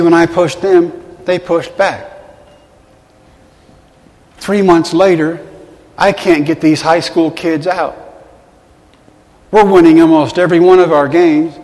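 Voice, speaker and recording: Earnest man telling a story, echoing hall. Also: fairly high pitch. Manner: earnest, self-deprecating storytelling with quiet emotional dips. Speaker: motivational speaker. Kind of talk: storytelling talk to a live audience. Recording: long hall reverb.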